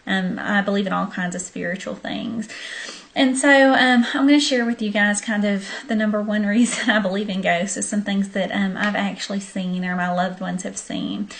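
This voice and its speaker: A woman's voice: mid-range voice, fairly even intonation, normal speed. A young woman with a Southern accent from Arkansas, telling a story to her viewers in a chatty, casual way with lots of ums, late at night. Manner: chatty, many ums, friendly direct address. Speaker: vlogger.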